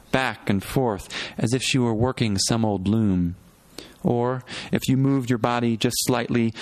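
A man narrating a literary novel in the first person, measured and reflective, pausing between short phrases. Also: mid-range voice. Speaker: audiobook narrator.

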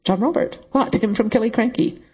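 A man's voice: very high-pitched, lively intonation, fairly quick, a little mellow, breathy edge, pitched above the performer's own voice, full character voice. A man reading as a blunt man. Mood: awkward. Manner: blunt, awkward. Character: Scottish man, guilt-ridden, blunt.

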